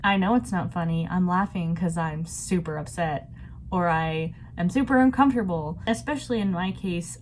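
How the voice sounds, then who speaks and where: A book vlogger chats casually about a book she's reading, sounding talkative and reflective and laughing often. Her voice sits at an ordinary middle pitch. A faint hiss of background noise runs underneath.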